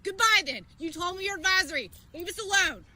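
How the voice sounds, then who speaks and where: High, shrill, yelling mother. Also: animated, brisk, low-quality recording. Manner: yelling, defiant, repeats herself. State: upset. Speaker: mother confronting police. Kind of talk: heated confrontation. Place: outdoors in a public place.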